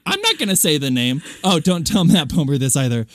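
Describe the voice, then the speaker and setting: A young man co-hosting a podcast in a playful, chatty way with quick asides. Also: fairly high pitch, wildly swooping pitch, dry recording, studio quality. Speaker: podcast co-host. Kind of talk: casual chat.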